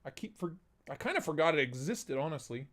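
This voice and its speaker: A man's voice: fairly high pitch, sing-song, a little fast, fairly bright tone. A young man hosting a casual live stream through a voice changer, chatting loosely and reading out chat messages.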